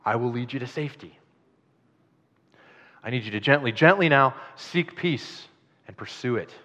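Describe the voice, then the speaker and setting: A man preaching, voicing a gentle and patient male savior who reassures and instructs a frightened listener. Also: medium pitch, lively intonation, normal speed. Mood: reassuring. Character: calm reassuring male savior guiding a lost pilot. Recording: dull sound in a long-reverb hall.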